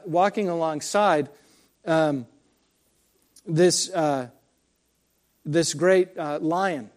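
A man preaching a sermon conversationally, with frequent fillers and asides of "right?". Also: fairly high pitch. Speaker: pastor.

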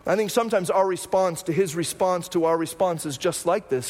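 A man's voice: high-pitched, brisk, hardly any pauses, a little mellow, in a large hall. A male pastor preaching a sermon, repeating phrases and tossing in "right?" asides.

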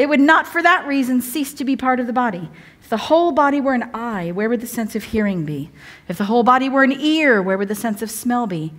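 Woman preaching at church, chatty, jokey, keeps restarting herself, voice on the high side. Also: expressive, fast talker, a bit bright. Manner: chatty, humorous, self-interrupting. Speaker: guest preacher. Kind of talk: sermon. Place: church evening service.

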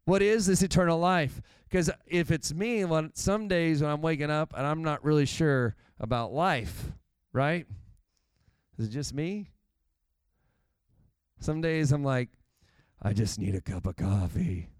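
Smooth-voiced pastor preaching. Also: male voice, a little high, measured pace, long pauses, no echo. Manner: conversational and animated, with asides. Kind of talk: sermon.

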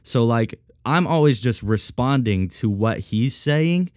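A man's voice: medium pitch, lively intonation, takes it slowly, darkish tone, dry recording, clean studio sound. A man hosting a podcast alone, chatting casually in a joking, rambling way, his voice thick and congested from a sinus cold. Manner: joking, rambling, self-mocking. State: congested, sniffly, sinus-deepened voice. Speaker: podcast host. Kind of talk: casual solo podcast chat.

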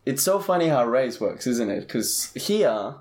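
A man's voice: medium pitch, big pitch swings, measured pace, darkish tone. A man co-hosting a podcast, telling a travel story in candid, profane casual chat. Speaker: podcast co-host.

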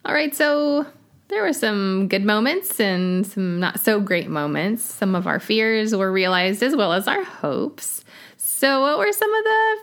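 A woman's voice: medium pitch, big pitch swings, measured pace, fairly bright tone. Chatty, giggly woman podcast co-host. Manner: chatty, giggly, steers the talk. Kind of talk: casual movie review chat.

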